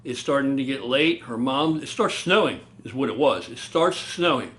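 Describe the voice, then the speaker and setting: A man casually recounting a true ghost story, animated, acting out loud booms and swearing now and then. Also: moderate pace. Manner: animated, loud booming sound effects, swears.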